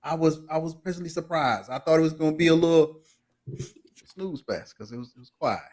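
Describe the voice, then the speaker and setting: A man's voice: fairly high pitch, brisk, a little mellow. A man hosting a podcast recap, playful and drawling. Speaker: podcast host. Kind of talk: casual recap chat.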